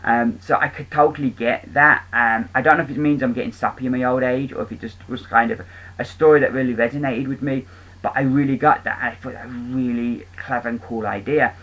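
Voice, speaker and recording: A man's voice: mid-range voice, fairly even intonation, a little fast, a bit bright, low-quality recording. A man giving a casual, enthusiastic spoken review of comic books, rambling with frequent ums and restarts.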